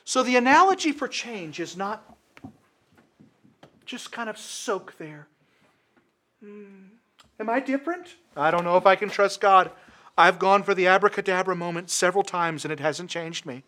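In a high, ringing voice, a man preaches with passion throughout, pounding his points in with forceful repetition. He is animated and speaks at a normal speed with a sharp tone.

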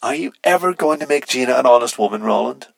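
A man's voice: medium pitch, animated, fast, vocal fry, dry recording, pitched above the performer's own voice. A man voicing a teasing male shepherd dog who drives and hacks, with a playful, mocking way of speaking, in a storybook reading.

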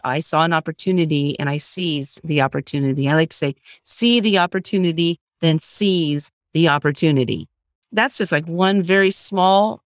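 A middle-aged woman guest on an interview, telling a story in a lively way and acting out the voices she quotes. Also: low-pitched, no echo, clean studio sound. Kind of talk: animated storytelling.

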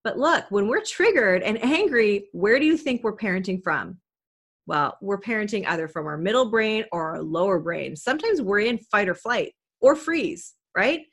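A woman coaching parents in a direct-to-camera talk, earnest and encouraging. She keeps turning to the listener with questions. Her pitch sits in an ordinary middle range. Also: lively intonation, normal speed, fairly bright tone, slightly rough. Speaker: parenting educator.

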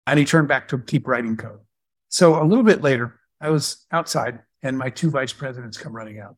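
Middle-aged male entrepreneur, lively anecdote-teller who voices each quote, dry close sound. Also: mid-range voice, a little fast, no room sound. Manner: animated storyteller, acts out quoted dialogue. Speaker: entrepreneur and guest speaker. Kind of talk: storytelling in a live Q&A.

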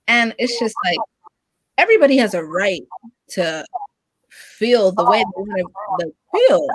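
A woman making her point in a group discussion, frank and emphatic. Her voice sits at a middle pitch, and the sound is dry, with no room echo. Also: lively intonation, moderate pace, slightly rough. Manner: frank and emphatic, with quoted asides. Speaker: discussion participant.

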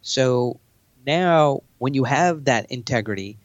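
Brash male podcast guest, dry, dull lo-fi sound, mid pitch. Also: slow, dry recording. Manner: brash, animated, acts out sales pitches. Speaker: business speaker, podcast guest. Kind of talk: casual chat.

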